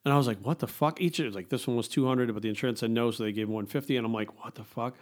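Middle-aged guy rattling off stories fast, swears a lot, casual podcast guest. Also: mid-range voice. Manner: fast, profane storytelling. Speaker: podcast guest, fitness coach. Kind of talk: casual interview chat.

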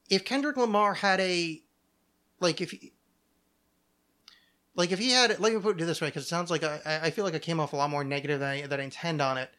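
A man's voice: on the high side, bright, forceful tone, clean tone. A man hosting a podcast in casual chat, rambling and restarting his sentences often. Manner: rambling, halting with many restarts. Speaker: podcast host.

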